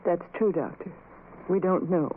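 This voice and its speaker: An actress playing a frightened young woman in a 1940s radio drama, pleading and quick to snap. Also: lowish voice, natural voice. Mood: anxious. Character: frightened young woman trying to stay brave. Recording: tinny lo-fi old radio recording with hiss.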